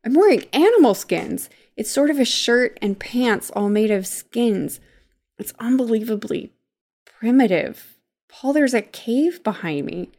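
A woman's voice: medium pitch, normal speed, close to an everyday voice. A woman voicing a teenage girl under hypnosis, reading her lines aloud with rising wonder.

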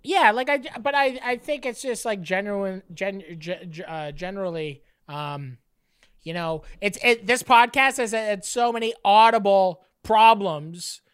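A man's voice: high-pitched, measured pace, a bit bright, clean tone. A man co-hosting a casual podcast, teasing and profane, stumbling over his words at times. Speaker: podcast co-host.

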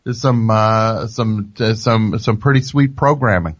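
A man's voice: fairly low pitch, a little slow, dry recording, muffled recording. A man hosting a podcast from a studio, rambling and joking as he talks into the microphone. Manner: rambling, jokey, self-interrupting. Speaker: podcast host. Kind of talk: casual radio-style monologue. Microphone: studio microphone with headphones.

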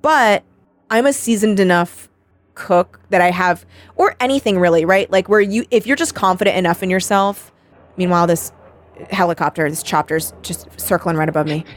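A woman's voice: fairly low pitch, normal speed, dry recording. A woman, chatting as a podcast host and telling stories with lots of laughter and acted-out voices. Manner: animated storytelling, acts out quoted voices; laughs often. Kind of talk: casual chat.

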